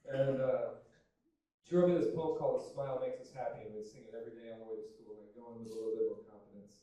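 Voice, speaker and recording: A young man doing a stand-up comedy set, self-deprecating and deadpan, with loose fillers and swearing. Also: medium pitch, fast. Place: comedy club stage with audience laughter. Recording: very echoey room, from some distance. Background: audience laughter.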